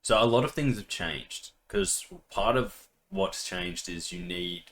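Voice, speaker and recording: A man with a fairly low voice chats on a casual podcast. He retells a game session with lots of laughter, bursting into loud, acted-out lines and swearing freely. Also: unhurried. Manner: animated storytelling, acts out his own outbursts with swearing and laughter. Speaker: podcast co-host. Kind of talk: casual chat.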